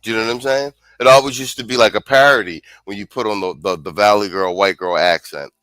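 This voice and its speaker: A man's voice: on the low side, quick pace, a bit bright, no room sound, poor audio. A man hosting a show, giving blunt, slangy, casual commentary on clips and reading viewer comments aloud. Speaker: show host.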